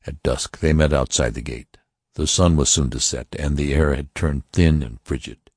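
A man narrating a science fiction audiobook in a steady, measured reading. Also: very deep voice, breathy edge, no room sound, clean studio sound.

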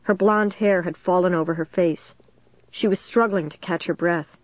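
A woman narrating a first-person suspense story in a steady, dramatic storytelling manner. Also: on the low side, moderate pace, no echo, dull audio. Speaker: audiobook narrator.

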